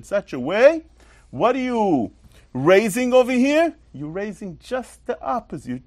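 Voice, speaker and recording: A man giving a religious lesson as a Torah teacher, talking in an animated, emphatic way with rhetorical questions and repetition. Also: high-pitched, dry recording.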